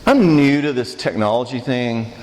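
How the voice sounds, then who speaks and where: A man's voice: mid-range voice, lively intonation, moderate pace, background noise. A man giving a church marriage conference talk, conversational and joking, often asking the audience questions. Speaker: conference speaker. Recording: reverberant church hall.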